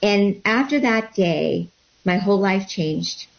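Woman telling an animated personal story. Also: medium pitch, takes it slowly, creaky. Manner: animated storytelling, acting out quotes. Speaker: guest. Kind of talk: storytelling in an interview. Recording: dull lo-fi sound.

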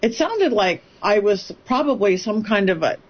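A woman psychic medium telling a story in an interview, animated and rambling, often restarting her sentences. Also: medium pitch, moderate pace, husky, dull audio.

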